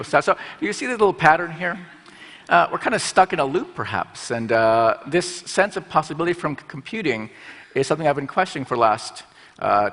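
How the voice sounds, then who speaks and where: A man's voice: medium pitch, a bit bright. A middle-aged man giving a conference talk from a stage, playful, slipping into little put-on voices as he explains. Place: conference stage in a large hall. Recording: large hall with long reverb.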